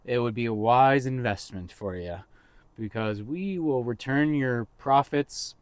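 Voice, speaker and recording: A man's voice: medium pitch, measured pace, clean tone, no echo. A man co-hosting a podcast in casual chat, rambling and teasing his co-host with jokes.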